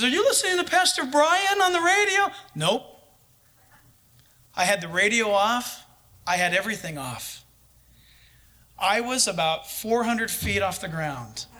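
A man with a high, bright voice preaches through a personal anecdote. He tells it in a lively, conversational way and chuckles at his own story. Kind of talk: storytelling in a sermon.

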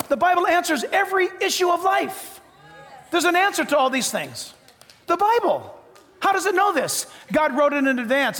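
A man's voice: very high-pitched, fairly bright tone. An American man preaching a sermon in emphatic, repetitive, punchy short phrases. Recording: long reverb of a large hall.

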